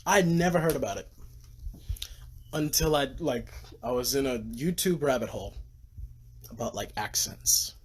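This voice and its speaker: A tired man rambling excitedly about his movie collection on a casual livestream, gushing and swearing, sometimes dropping to a whisper. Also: moderate pace, pauses often, breathy edge. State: tired from little sleep. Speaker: vlogger. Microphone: phone camera. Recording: faint background noise, low-quality phone livestream.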